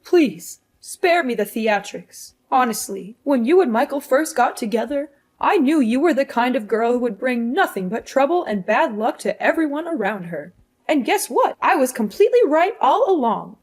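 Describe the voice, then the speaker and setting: A woman's voice: sits high, very animated, normal speed, darkish tone, breathy edge, exaggerated voice. A woman voicing a sneering, cruel mother-in-law. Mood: scornful. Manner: sneering, mocking, condescending. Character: cruel scornful middle-aged mother-in-law. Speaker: fiancé's mother. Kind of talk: animated story voice acting.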